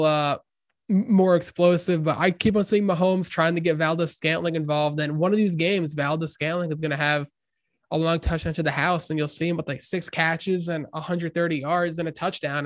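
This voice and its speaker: A man's voice: a little high, fairly even intonation, a little fast, no room sound, studio quality. A man co-hosting a sports podcast, giving fantasy football takes in a hesitant, filler-heavy way. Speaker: podcast co-host. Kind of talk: casual sports chat.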